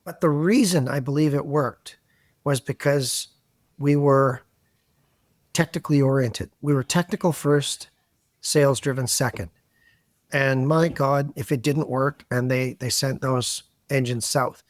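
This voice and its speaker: A middle-aged man from Canada, a podcast guest telling animated, self-deprecating stories in a relaxed conversation. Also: medium pitch, measured pace, dry recording, clean studio sound. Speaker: interview guest. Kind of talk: conversational interview.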